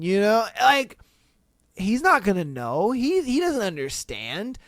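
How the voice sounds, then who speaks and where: A woman hosting a podcast, reading a listener's story aloud and reacting in an animated, slangy way with plenty of swearing. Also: medium pitch, slow, no echo, studio quality. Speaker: podcast host.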